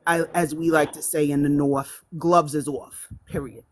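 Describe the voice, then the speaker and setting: A man joins a live stream as a guest, speaking slowly and formally with a somewhat raised pitch. He fills his pauses with ums. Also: level tone. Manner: measured, formal, with many fillers.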